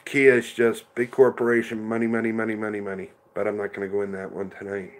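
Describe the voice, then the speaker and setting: A man's voice: on the low side, completely flat delivery, fast. Chatty middle-aged man on a livestream. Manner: chatty, rambling, answers viewers by name. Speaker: livestream host reading chat. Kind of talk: casual livestream chat.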